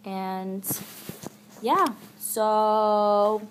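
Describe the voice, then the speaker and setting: A woman's voice: medium pitch, little pitch movement, extremely slow, slight background noise. A young woman talking casually to her camera in a daily vlog, chatty and goofy, filling her talk with "like". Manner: chatty and goofy, full of "like" fillers, jokes around. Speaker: vlogger.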